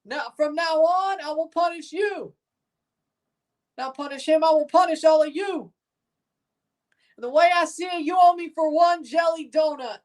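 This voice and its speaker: Harsh drill sergeant, mocking and barking, pitched way up, a bit off-mic; a woman acting it out. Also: unhurried, long pauses, a little mellow, distant mic. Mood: scornful. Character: bellowing male military drill sergeant, harsh.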